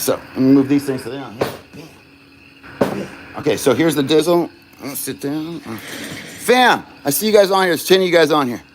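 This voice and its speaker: Against background noise, a medium-pitched man streams himself glassblowing. His talk to viewers is casual, rambling, and profane, and he gets sidetracked by his own thoughts.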